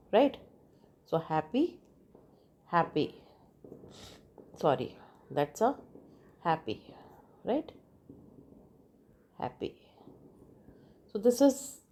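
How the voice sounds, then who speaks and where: A woman gives an informal lecture on language terms. She talks slowly and works through each example, her voice warm and mellow, and she keeps pausing to check with "right?". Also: medium pitch, slight background noise. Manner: slow, explanatory, with frequent filler "right?". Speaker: English teacher.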